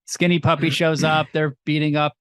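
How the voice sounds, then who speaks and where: A man in his thirties co-hosting a casual film-review podcast, rambling through a plot recap and slipping into quick mocking character voices. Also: a little high, flat delivery, a bit bright, smooth, dry recording. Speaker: podcast co-host.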